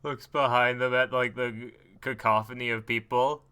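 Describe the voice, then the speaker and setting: A man chatting casually as a player in a tabletop game, joking and lively. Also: mid-range voice, moderate pace, a little hiss or hum.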